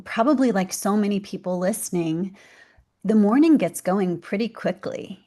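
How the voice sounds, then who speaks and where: A woman's voice: medium pitch, normal speed, mellow. A woman guest answering the host and reflecting gratefully in an interview. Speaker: guest speaker. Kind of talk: interview conversation.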